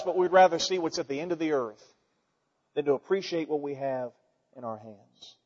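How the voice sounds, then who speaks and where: Man, pastor, folksy animated sermon, fairly high voice, dull recording. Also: normal speed. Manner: folksy, animated preaching with dramatic swings in volume. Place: church sanctuary. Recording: dull sound with long hall reverb.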